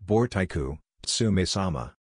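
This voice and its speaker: A man voicing a calm, respectful teenage boy assassin who speaks in a flat, clipped, matter-of-fact way. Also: low-pitched, measured pace, husky, no echo, clean studio sound, exaggerated voice.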